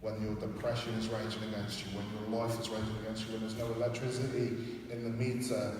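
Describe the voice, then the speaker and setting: A man's voice: fairly low pitch, little pitch movement, fairly quick, background noise. A man preaching a sermon, earnest and impassioned, acting out prayers and scripture. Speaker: pastor. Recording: echoey hall, from far off.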